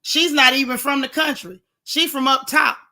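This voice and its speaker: Bright-voiced indignant woman gossip vlogger. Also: high voice, fairly even intonation, moderate pace. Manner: indignant, sarcastic, talks straight to viewers. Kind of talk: casual commentary.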